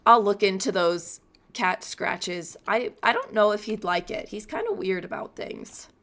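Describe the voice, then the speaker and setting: A chatty young woman streams a farming game from her room and talks into a boom-arm mic. Her voice has a gravelly fry and sits at an ordinary pitch for a woman. She rambles easily between the game and her cat. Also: a little slow, a bit bright. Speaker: gaming streamer. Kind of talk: casual gameplay chat.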